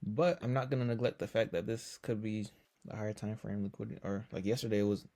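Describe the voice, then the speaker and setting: Young guy, slightly low voice, tired, narrating his trades in slangy casual chat, mutters and then curses loudly. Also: steady tone, fast. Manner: swings from low muttering to loud exclamations, swears often; slangy, filler-heavy talk. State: tired from little sleep. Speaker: day trader streaming his session. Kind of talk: casual live trading commentary.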